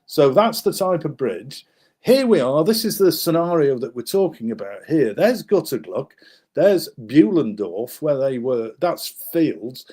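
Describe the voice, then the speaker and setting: With a fairly high, breathy voice and a slightly slow pace, a guest author brings a wartime story to life, showing maps as he goes. He acts out each person in it, and his delivery is thick with fillers and restarts.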